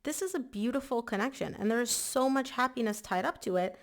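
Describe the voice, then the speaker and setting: A woman giving a casual monthly tarot reading in a chatty, emphatic way, slightly hoarse and clearing her throat. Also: on the high side, expressive, brisk. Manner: chatty, emphatic, repeats words for stress. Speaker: tarot reader.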